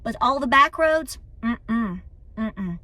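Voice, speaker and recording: Speaking slowly on the high side, with lively intonation and a pushed, bright sound and no echo, a woman vlogs for her homestead channel. She has an East Tennessee Southern accent, calls folks honey, and holds her phone at arm's length as she moves from her car into a busy store.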